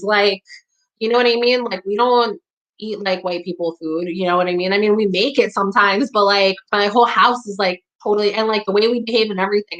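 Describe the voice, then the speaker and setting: A young woman from the New York area speaking candidly in conversation, blunt and profane, with a steady stream of "like" and "you know". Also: medium pitch, rough recording. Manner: blunt, profane, heavy use of "like".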